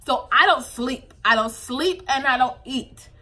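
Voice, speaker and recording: A young woman talks to her camera in a casual confessional vlog, speaking in with a bright, forceful tone. Her voice sits a bit high, and her talk is candid and emotional, full of fillers. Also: a little slow. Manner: emotional, tearful at times, candid, lots of fillers. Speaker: vlogger, new mother.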